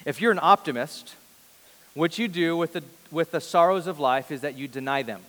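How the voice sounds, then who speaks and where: A man preaching a sermon as a pastor. He reads scripture quietly and grows more intense when he voices questions. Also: on the high side, moderate pace. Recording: long reverb of a large hall.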